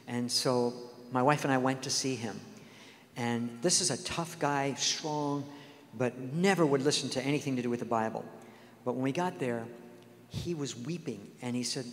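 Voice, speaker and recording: This is a man of medium pitch speaking at a moderate pace as a guest preacher. He earnestly narrates stories within his sermon, voicing the dialogue himself, and the hall adds long reverb.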